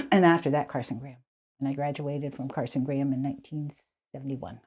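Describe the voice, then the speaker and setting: A community elder from the Squamish Nation in Canada, a woman in her seventies, shares childhood stories in a relaxed interview. Her voice rumbles low, brisk and slightly rough, and she's animated, laughing often and restarting sentences.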